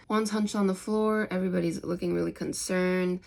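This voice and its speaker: A woman's voice: on the low side, fairly even intonation, brisk, creaky, hardly any pauses, darkish tone. A woman vlogger casually recapping a book chapter, chatty and full of "like".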